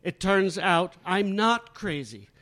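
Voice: mid-range voice, sing-song, slow pace, a bit bright. An actor playing a young mother who speaks in a cutting, sarcastic way. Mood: bitter. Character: bitter, distraught young mother. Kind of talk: audio drama acting.

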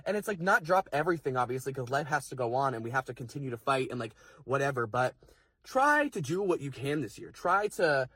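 Young male vlogger, husky and dry, rapid heated rant. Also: mid-range voice, very animated, fairly bright tone, no room sound. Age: young adult. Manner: fast, heated, swearing, lots of fillers. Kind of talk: impassioned casual rant to camera.

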